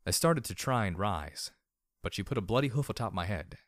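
Male audiobook narrator, very low voice, dry close sound, measured and wry. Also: animated, fairly bright tone, no echo. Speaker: audiobook reader. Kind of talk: audiobook narration of fan fiction.

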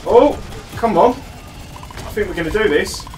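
Male gameplay commentator, upper-middle pitch, casual and excitable, stumbles a little when reading aloud. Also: a little slow, soft background music.

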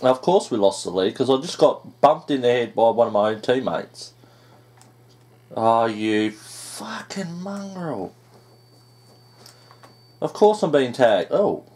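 A man giving excited gameplay commentary, groaning at setbacks and swearing now and then. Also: mid-range voice, normal speed, hardly any pauses. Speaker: gaming YouTuber.

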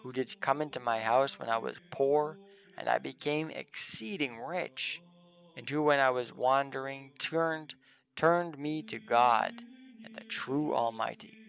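A man's voice: medium pitch, unhurried, vocal fry, a bit bright, clean tone. A man voicing a devout, faithful poor woman, reading her pleading words in solemn archaic English.

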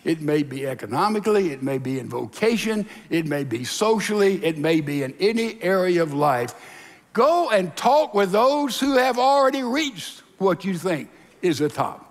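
A pastor preaches a sermon to his congregation in a church sanctuary, his high, sing-song voice at normal speed trailing a long reverb tail. He tells stories and acts out the voices of the characters in dialogue.

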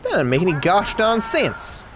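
A man's voice: high voice, huge pitch swings, moderate pace, a bit bright, a little hiss or hum. An Australian man giving sarcastic, swearing live commentary on a game as a streamer, talking to his chat.

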